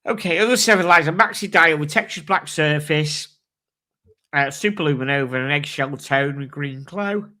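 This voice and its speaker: A man's voice: a little high, normal speed, bright, forceful tone. A man hosting a casual livestream chat, thinking aloud, swearing casually and reading out product details. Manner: reads out watch specs and prices. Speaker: host.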